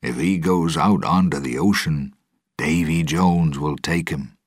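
Guy doing a scared serious old sailor, super deep and slow, kinda hushed. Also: slightly rough, no room sound, studio quality, full character voice. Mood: grave. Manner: grave, sometimes hushed. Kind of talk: audiobook storytelling.

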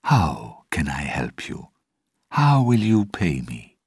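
A man voicing a mysterious woman seer, sly and amused, in a slow hushed whisper. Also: rumbling low, huge pitch swings, slightly rough, no room sound, studio quality, full character voice. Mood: knowing. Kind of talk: audiobook storytelling.

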